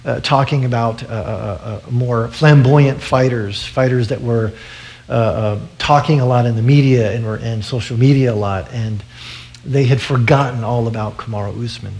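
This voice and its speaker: A man preaching a sermon in an earnest, steady way at a mid pitch. He often stumbles over his openings and repeats words before carrying on. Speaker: pastor.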